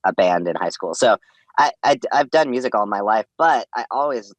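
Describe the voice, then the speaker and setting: A man's voice: lowish voice, expressive, normal speed, no room sound. A man, a comedian and voice actor, talking as a guest in a casual podcast interview, rambling with laughs and restarts.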